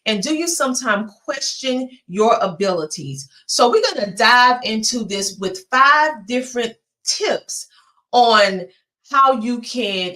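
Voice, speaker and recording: A woman's voice: on the high side, a bit bright. Southern woman giving a motivational talk. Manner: earnest, emphatic, with dramatic pauses. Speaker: motivational speaker. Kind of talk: motivational presentation.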